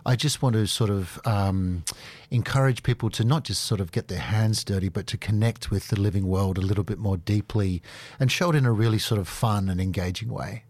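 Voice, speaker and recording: A man's voice: lowish voice, a little fast, darkish tone, no echo. A man answering questions as a guest in a radio studio, earnest and enthusiastic. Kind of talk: interview answers.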